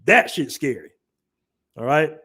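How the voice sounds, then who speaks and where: A man's voice: a little high, big pitch swings, measured pace, bright, forceful tone, husky. A man in his forties hosting a livestream, talking casually in slang and joking with his chat. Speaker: livestream host.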